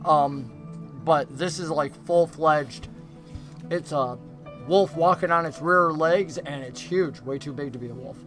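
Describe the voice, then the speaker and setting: Guy running a tabletop game, bright tone, easygoing, lots of ums. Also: a little high, measured pace, faint music behind. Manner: relaxed, descriptive, with frequent ums and laughs. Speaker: game master.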